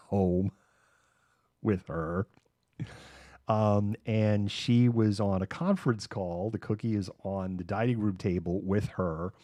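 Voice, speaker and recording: On his casual livestream, a man with a fairly low, mellow voice meanders through a story, laughing frequently and imitating the voices of people involved. The sound is clean studio quality, with no room sound at all.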